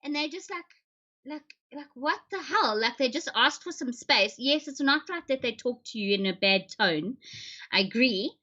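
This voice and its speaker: A woman's voice: on the high side, expressive, normal speed, bright, forceful tone. A woman chatting casually with viewers on her livestream, joking and laughing often. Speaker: livestream host. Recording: dull lo-fi stream audio.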